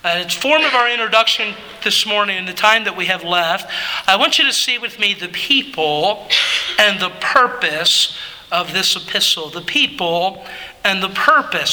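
A male pastor delivers a sermon with a high, sharp, bright voice. He preaches slowly and emphatically, swelling to shouts and then sinking low. The church sanctuary gives the recording a long, ringing reverb.

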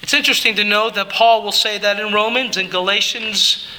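A male pastor preaching a Sunday morning sermon in a church, emphatic, rising to shouts on key phrases and dropping low for the conclusions. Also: fairly even intonation, fairly quick, a little hiss or hum. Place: church sanctuary. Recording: long hall reverb.

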